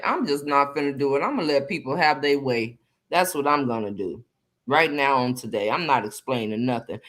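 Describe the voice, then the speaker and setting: A woman's voice: sits low, fairly bright tone. A woman hosting a casual live stream chat, greeting viewers by name and speaking emphatically, often repeating phrases.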